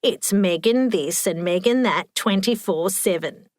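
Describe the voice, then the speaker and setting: A woman's voice: mid-range voice, unhurried, a little mellow, dry recording, clean studio sound, lightly acted. A woman doing a boisterous old lady. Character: loud, bossy large old woman.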